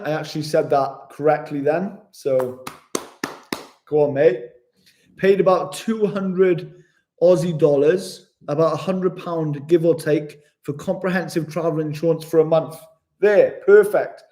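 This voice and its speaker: A man's voice: on the high side, unhurried, mellow. A man, chatting casually on a live stream as a travel vlogger, reading out viewer comments in a matey way.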